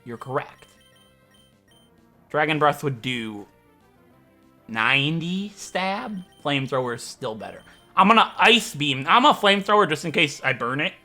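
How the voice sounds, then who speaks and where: A man hosting a let's play, giving jokey, excitable commentary with mock game-show announcing. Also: fairly high pitch, measured pace, pauses often, soft background music. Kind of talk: gameplay commentary.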